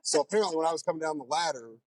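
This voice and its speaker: A man who teaches fire training, telling stories in a casual interview in a lively way. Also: fairly high pitch, very fast, dry recording, low-quality recording. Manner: animated storyteller.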